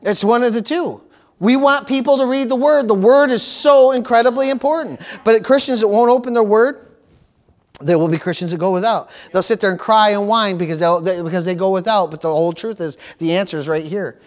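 A man's voice: high voice, fairly quick. A man preaching a sermon as pastor, calling out for amens and repeating key phrases for emphasis.

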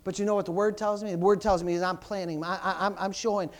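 A man pastor preaching a sermon, building to loud, fervent surges and then dropping low and quiet. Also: steady tone, fast.

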